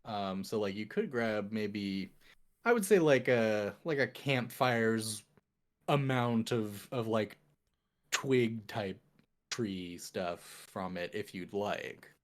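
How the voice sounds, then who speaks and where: Slow, halting man running a tabletop game. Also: on the low side. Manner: hesitant, many fillers and restarts. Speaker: game master. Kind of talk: describing scenes in a tabletop game.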